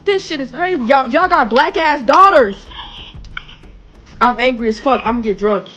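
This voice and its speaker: A woman ranting loudly and furiously, full of swearing, in a social media video. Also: high voice, expressive, moderate pace, poor audio. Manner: loud, profane, furious.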